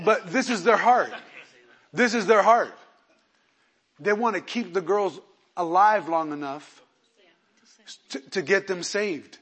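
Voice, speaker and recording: A man preaching to his congregation in a high, bright voice. He moves between slow, loud emphasis and hushed, quick asides, and he acts out the people he quotes. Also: lively intonation, breathy edge. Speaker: pastor. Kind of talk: sermon.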